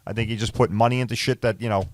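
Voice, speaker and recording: A man's voice: lowish voice, fairly even intonation, rapid-fire, no echo, studio quality. A man hosting a podcast, talking bluntly and rambling in a casual monologue with plenty of swearing. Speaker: podcast host.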